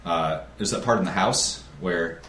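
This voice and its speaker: A man chatting casually about a movie, telling it as a rambling, animated story with lots of laughs. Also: low voice, measured pace. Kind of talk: casual chat, movie talk. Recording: echoey room, from far off, with noise.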